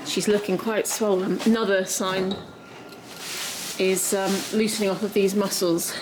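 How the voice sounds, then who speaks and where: A young woman vlogging about her pregnant mare, cooing and praising the horse in a soft singsong. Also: medium pitch, flat delivery, a little slow, noisy background. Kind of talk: casual vlog narration. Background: loud background music.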